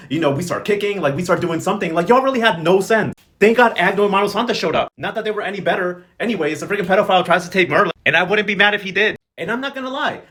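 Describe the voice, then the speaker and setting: Sassy fast-talking young man. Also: high voice. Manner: sassy, slangy, animated commentary. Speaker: recap vlogger. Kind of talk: fast casual show recap with acted quotes.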